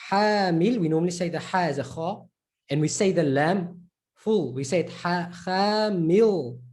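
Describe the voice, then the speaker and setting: A man from South Africa with a South African accent, teaching Arabic letters to a class and repeating each sound slowly. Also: a little high, a little mellow. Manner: slow, repeats sounds and words for students. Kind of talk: live online lesson.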